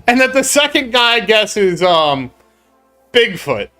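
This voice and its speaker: Bright, high-voiced rambling male gamer. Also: sing-song, slow pace, faint music behind. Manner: rambling storyteller, laughs often and repeats words. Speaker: gaming channel host. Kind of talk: casual gameplay commentary.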